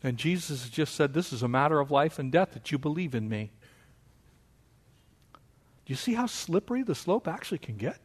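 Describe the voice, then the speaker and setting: A man preaching a sermon as pastor of his church, with animated delivery that mocks objections in a raised voice. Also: a little fast, long pauses, breathy edge. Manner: animated preaching, mocking quoted objections in a higher voice.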